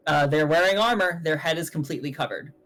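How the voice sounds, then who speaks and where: A young man narrating a tabletop game as game master on a stream, rambling with fillers and quick self-corrections. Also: fairly high pitch, a bit bright, rough recording.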